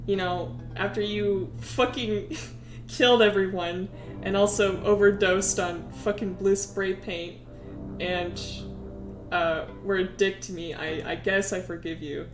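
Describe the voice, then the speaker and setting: A grudging young man with a low, mumbled delivery and a quiet, tired voice, put on by a woman telling a story. He sounds dragged along, pitched under her usual voice, in an echoey room with faint music behind. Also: steady tone, slow pace, close to an everyday voice. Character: weary young man forgiving a friend.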